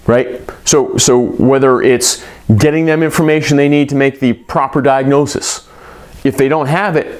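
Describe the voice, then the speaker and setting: A man's voice: medium pitch, a little mellow. A man coaching repair shop staff, talking emphatically and often checking in with rhetorical questions. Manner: acts out quoted shop workers.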